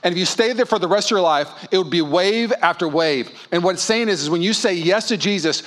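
A male pastor preaching a sermon at a church service, telling stories and acting out voices with lively energy. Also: sits high, quick pace, hardly any pauses. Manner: animated storytelling, acts out dialogue.

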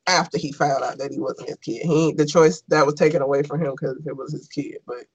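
Male co-host, high voice, blunt profane chat, dull lo-fi sound. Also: steady tone, a little fast, husky. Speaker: podcast co-host. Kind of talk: casual chat.

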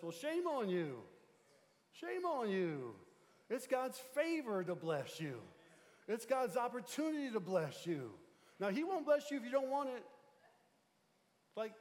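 High-voiced male preacher in a reverberant church. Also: expressive, moderate pace. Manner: emphatic preaching, swinging from loud calls to low, quiet passages. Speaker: pastor. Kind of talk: sermon. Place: church sanctuary. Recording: long reverb of a large church hall.

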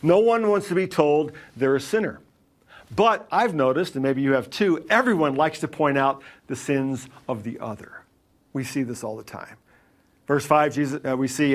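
A middle-aged man preaching a sermon in an earnest way, with dramatic pauses and shifts between loud and quiet. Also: medium pitch, animated. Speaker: pastor.

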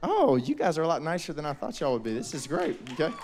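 A young man, preaching a lively, joking youth sermon. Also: on the high side, quick pace, slight background noise. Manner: animated, joking, quotes people in voices. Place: church hall.

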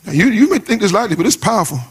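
A pastor preaching a sermon in a rising sing-song cadence, shouting at the peaks and talking in casual vernacular. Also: male voice, high-pitched, very animated, very fast, husky. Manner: uses casual vernacular speech.

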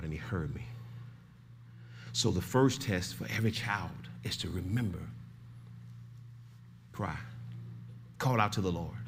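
An older man preaching a sermon as pastor, swinging from shouted pleading to hushed, low emphasis. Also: a little hiss or hum.

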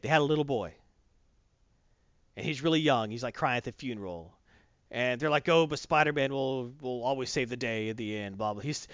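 A man's voice: fairly high pitch, fairly bright tone, clean tone, no room sound. A man giving a blunt, profane, mocking review of a comic book in casual chat. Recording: dull dry close-mic sound.

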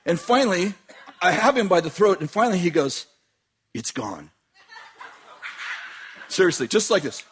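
A man preaching and telling a dramatic personal story, laughing often and shouting at the peaks. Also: high-pitched, fast, a little hiss or hum. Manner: animated, laughing, shouting at climaxes. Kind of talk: sermon storytelling.

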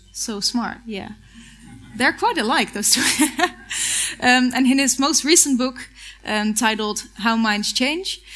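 A woman moderating a public talk, soft and hesitant with frequent pauses. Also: a little high. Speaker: event moderator.

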